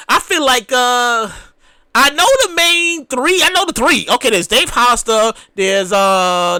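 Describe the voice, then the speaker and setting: A tipsy podcast host ranting loudly in a casual, excitable way, often shouting and restarting sentences. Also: medium pitch, no room sound. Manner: rambling with many restarts.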